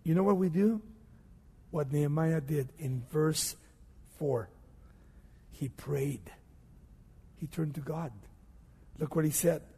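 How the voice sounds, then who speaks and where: A male preacher giving a sermon, swinging from hushed low passages to loud emphatic peaks and asking and answering his own questions. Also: slow pace, gravelly, long pauses, husky. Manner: asks and answers rhetorical questions. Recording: long hall reverb.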